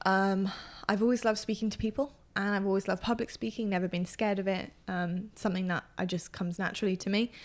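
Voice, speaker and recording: Chatty young woman caster. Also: medium pitch. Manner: chatty, animated, quick to laugh. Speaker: esports caster and podcast co-host. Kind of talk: casual podcast chat.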